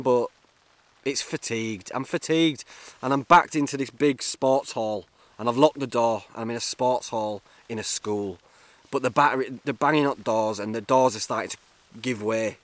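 A man's voice: medium pitch, no echo. A young man, rambling jokily through a solo podcast from inside a tent, talking into a camera-mounted mic. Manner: jokey, chatty, self-mocking. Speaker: podcast host.

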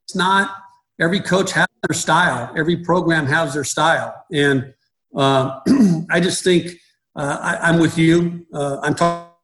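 A man's voice: fairly high pitch, measured pace, a bit bright, faint music behind, poor audio. A middle-aged man, a baseball coach, talking in an interview, rambling and restarting his sentences often. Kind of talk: conversational interview.

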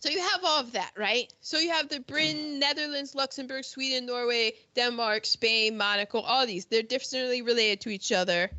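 Bright, high-voiced excitable woman. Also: normal speed, hardly any pauses, dry recording. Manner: animated, excitable, acts out quoted voices. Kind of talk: casual chat. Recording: dull lo-fi sound.

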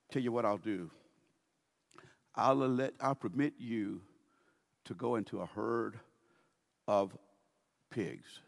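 A man preaching a sermon as a pastor, animated, laughing often and acting out quoted voices. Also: fairly low pitch. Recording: long reverb of a church hall.

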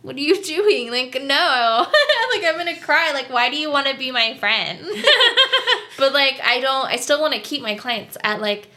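A woman's voice: high voice, big pitch swings, normal speed, sharp tone. A young woman chatting casually and candidly, telling emotional stories with lots of fillers. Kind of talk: casual chat.

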